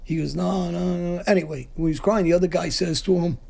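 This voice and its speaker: A man's voice: a little high, quick pace, warm tone. A man casually telling jail stories on a podcast, with tough street talk. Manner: gravelly, raspy, tough street talk with cursing. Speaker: podcast host. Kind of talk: casual storytelling chat.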